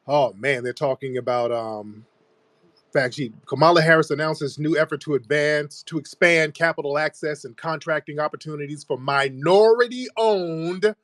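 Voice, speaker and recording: A man's voice: a little high, no echo. Blunt, mocking male talk-show host. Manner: blunt, mocking, loud bursts.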